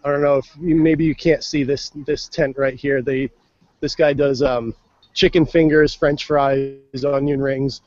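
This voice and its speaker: An on-site reporter calls into a live show with a casual walk-around report from outdoors at a festival, easygoing, chatty and full of fillers. His mid-range, darkish voice is steady and a little slow, recorded lo-fi with no echo.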